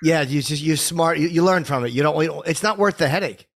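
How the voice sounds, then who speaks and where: A man's voice: on the high side, a little fast, a bit bright. A man co-hosting a casual interview, making short agreeable remarks.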